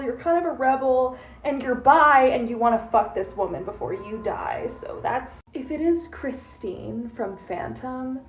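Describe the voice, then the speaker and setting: Teasing woman in a roomy, distant recording. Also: fairly high pitch. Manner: teasing, blunt. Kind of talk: casual talk to camera. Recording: roomy, distant, dull sound.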